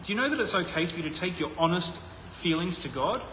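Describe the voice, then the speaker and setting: A man preaches a conversational sermon, thinking aloud and often restarting, in a high-pitched, sharp voice with lively intonation and a fast pace. There's slight background noise, and the echoey hall adds long reverb.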